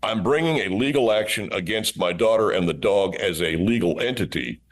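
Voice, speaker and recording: A man's voice: fairly low pitch, expressive, moderate pace. A man voicing a sensitive, weepy middle-aged businessman in a radio comedy bit, whiny and always near tears. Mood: aggrieved.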